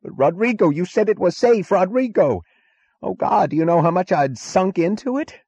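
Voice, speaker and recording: A man's voice: high-pitched, lively intonation, normal speed, dark tone, husky, voice pushed up, heavily acted. A man voicing a panicking male executive who screams, pleads and curses into telephones in a frantic, shrieking voice. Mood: panicked pleading. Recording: dull lo-fi audiobook recording.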